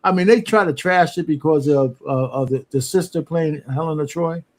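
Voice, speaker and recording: Podcast co-host, male, high voice, expressive anecdote teller, loose and profane. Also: normal speed. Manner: animated storyteller, swears freely. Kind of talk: casual chat.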